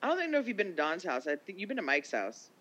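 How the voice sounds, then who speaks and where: A woman co-hosting a podcast in easy, casual chat. Her pitch swings widely as she talks, and she laughs often and jumps into quick asides. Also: very animated, a bit bright, husky. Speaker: podcast co-host.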